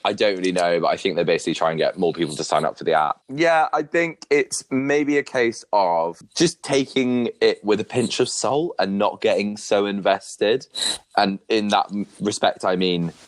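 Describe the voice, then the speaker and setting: A man's voice: on the low side, normal speed, no echo. A man co-hosting a comedic podcast, laid-back and agreeable, often trailing off. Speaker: podcast co-host. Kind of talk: casual comedic chat.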